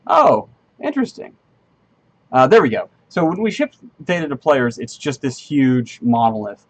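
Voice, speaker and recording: A man's voice: medium pitch, huge pitch swings, moderate pace. A man streaming while he programs, thinking aloud in a rambling, friendly way, full of ums and half-finished sentences as he answers his chat. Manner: friendly and self-deprecating, answers chat readers. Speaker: game engineer streaming live coding.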